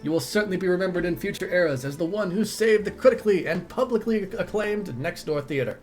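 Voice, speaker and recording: A man's voice: high voice, animated, quick pace, faint music behind, pitched above the performer's own voice. A proud old dwarf woman who runs a theater troupe, voiced by a man reading game dialogue aloud, talking in a lifted, swooping voice. She stays fussy and grand, every phrase delivered like it belongs on a stage. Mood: grand, dignified.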